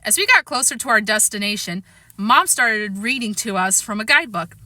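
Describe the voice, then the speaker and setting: A woman narrating a children's chapter book aloud with expressive delivery. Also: medium pitch, moderate pace, dry recording. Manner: lively, expressive. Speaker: audiobook reader. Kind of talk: storybook narration.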